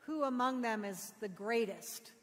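A middle-aged woman pastor giving a sermon, telling stories with gentle humor. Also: a little high, lively intonation, unhurried. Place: church. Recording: long reverb of a church.

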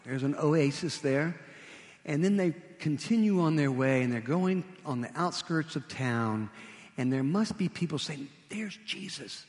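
Animated preacher with lively, swinging pitch. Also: male voice, unhurried, big-room sound. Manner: animated storytelling with vivid retelling. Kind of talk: sermon.

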